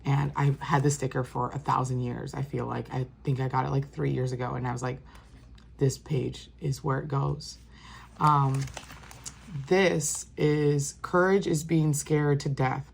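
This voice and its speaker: A woman's voice: rumbling low, vocal fry. A woman vlogger casually rambling through a walk-through of her craft journal, with many fillers and restarts. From New York State.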